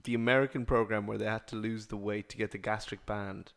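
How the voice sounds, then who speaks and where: A man's voice: fairly low pitch, fairly even intonation, quick pace, gravelly, crowd noise. A man co-hosting a podcast who asks questions and makes emphatic points in casual chat. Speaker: podcast co-host.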